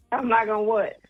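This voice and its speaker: A woman's voice: fairly high pitch, no room sound. A woman on a call-in, teasing and playful as she chats casually. Her voice comes through a thin, tinny phone line that cuts off its depth. The sound is dry, with faint music underneath. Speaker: caller.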